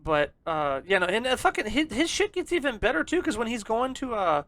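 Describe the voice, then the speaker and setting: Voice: medium pitch, big pitch swings, a little fast, fairly bright tone, no room sound. A podcast co-host in loose, casual conversation, rambling and swearing freely and laughing often. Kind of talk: casual chat.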